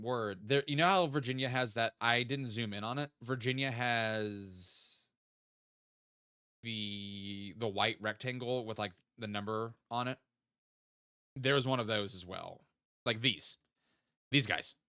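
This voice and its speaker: A man's voice: mid-range voice, slow pace, long pauses, pushed and bright, smooth, no echo, clean studio sound. A young man casually thinking aloud and joking while streaming a geography guessing game. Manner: chatty, thinks aloud, jokey asides. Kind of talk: casual gaming stream chat.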